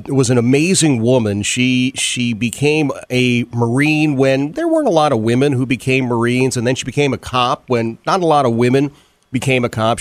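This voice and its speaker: A man's voice: mid-range voice, dry recording. A man hosting a talk radio interview, earnest, often repeating words and using fillers. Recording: dry studio sound.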